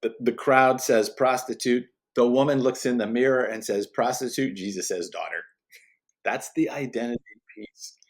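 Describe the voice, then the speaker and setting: Earnest man teaching in conversation. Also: mid-range voice. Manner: earnest and emphatic, with frequent restarts and quick laughs. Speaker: guest speaker.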